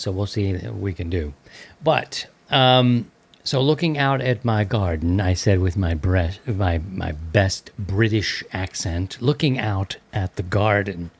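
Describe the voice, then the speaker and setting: A middle-aged man hosts a casual hobby podcast in a lowish voice. He rambles easily from thought to thought, dotting his talk with fillers. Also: a little mellow. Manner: rambling, easygoing, many fillers. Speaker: podcast host. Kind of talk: casual ham radio chat.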